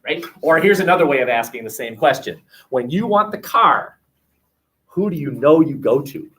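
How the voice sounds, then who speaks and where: Lively teacher in an echoey classroom. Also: male voice, a little high, moderate pace, distant mic. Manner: lively, joking, asks the class questions. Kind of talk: classroom lecture.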